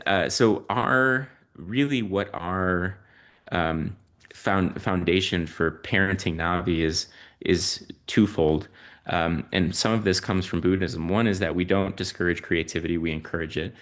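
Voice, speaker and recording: A man with a low-pitched voice talks through family stories as a podcast guest. He pauses often and fills the gaps with ums and uhs. His delivery is slow and thoughtful. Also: a bit bright. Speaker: podcast guest, parent and physician-researcher. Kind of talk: reflective conversational storytelling.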